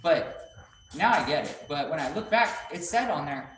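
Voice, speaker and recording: Faint noise and echo fill the car workshop where this shop vlogger spins a rambling, expletive-filled story in casual talk. His voice is on the high side at normal speed, and he animatedly voices other people's lines.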